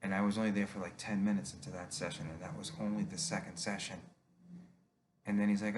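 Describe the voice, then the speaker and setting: A man's voice: fairly low pitch, flat delivery, fast. A middle-aged man from New Jersey telling his own story in a candid, confessional monologue.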